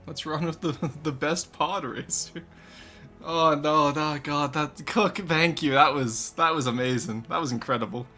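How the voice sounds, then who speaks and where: A live streamer chatting casually with chat, excitable, swearing freely and breaking into loud laughing fits. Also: medium pitch, unhurried, soft background music.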